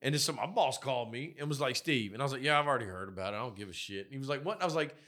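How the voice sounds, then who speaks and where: Rapid-fire and lively in intonation, a mid-range male voice tells profane work anecdotes on a podcast he co-hosts. He acts out quoted people at full volume, keeping the chat crude and casual.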